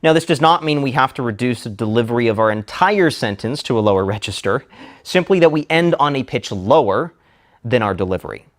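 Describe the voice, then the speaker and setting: A man teaching public speaking in a scripted lecture, with measured, deliberate delivery. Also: mid-range voice, expressive. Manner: measured, deliberate delivery with slow emphatic phrases.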